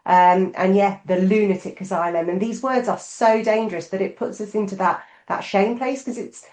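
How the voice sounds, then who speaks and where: A woman's voice: mid-range voice, steady tone, normal speed, darkish tone. Middle-aged woman podcast host, echoey room. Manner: open, thoughtful, frequent fillers. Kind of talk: casual conversational chat. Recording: roomy echo.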